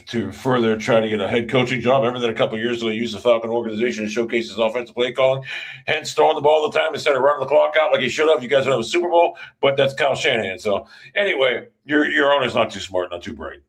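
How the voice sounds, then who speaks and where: A man's voice: medium pitch, quick pace, poor audio. Male football ranter, casual and profane, hammering the same warning to fans. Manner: blunt, profane, repeats himself, talks straight to fans. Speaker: football commentator. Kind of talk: casual sports rant.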